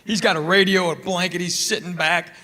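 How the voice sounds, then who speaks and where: Bright-voiced stand-up comedian, laid-back telling. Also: male voice, high-pitched, fairly even intonation, brisk. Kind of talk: stand-up storytelling.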